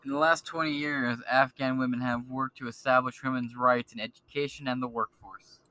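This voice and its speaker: A man's voice: medium pitch, steady tone, moderate pace, few pauses, pushed and bright, no echo. A man hosting a podcast, ranting in a blunt, crude and mocking way. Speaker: podcast host. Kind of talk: profane political rant.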